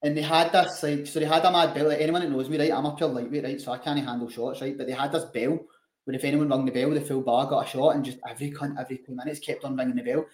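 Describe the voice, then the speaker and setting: A man's voice: mid-range voice, fairly even intonation, fast talker, darkish tone. A young man telling a rowdy story with lots of swearing and laughter, as a podcast co-host in casual chat. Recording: echoey room.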